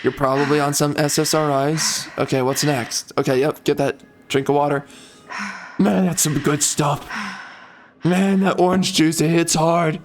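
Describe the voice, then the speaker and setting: This streamer's voice runs a little high with little pitch movement, and his pace is unhurried. He keeps up a sarcastic, mocking running commentary on his video game, whose music and sounds play in the background along with slight noise.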